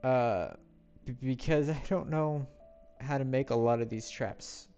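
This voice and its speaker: A man's voice: medium pitch, a little slow, warm tone. A man live-streaming a building game on a headset mic, rambling to himself with playful sound effects. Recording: faint music behind.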